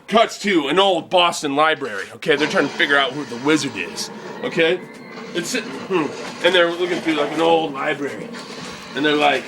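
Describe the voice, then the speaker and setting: A man improvising a rambling, profane comic movie pitch, acting out the characters as he goes. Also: moderate pace, background noise. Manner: rambling, swearing, acts out characters.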